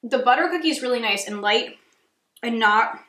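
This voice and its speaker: A bubbly woman with a Rhode Island accent chats through a snack taste test, gushing and giggling between bites. Her voice sits high and bright, and the room around her is echoey. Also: moderate pace. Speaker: cooking channel host. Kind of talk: casual taste-test chat.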